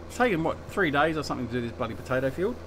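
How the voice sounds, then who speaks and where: A man's voice: medium pitch, very animated, very fast, a bit bright. Australian man, casual streamer, jokey chat with viewers, noisy game audio underneath. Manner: chatty and joking, reading out chat and answering viewers. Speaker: live-stream host. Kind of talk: casual live-stream chat while gaming.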